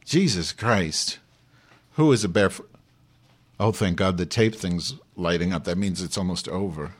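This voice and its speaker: A crude, abrasive Jewish woman host, played by a man, who rambles through a live webcast in profane rants. The voice sits fairly low for a man's. The tone stays irritable and unpolished, typical of improvised comedy. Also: normal speed, husky. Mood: grumbling. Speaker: host of a live online show.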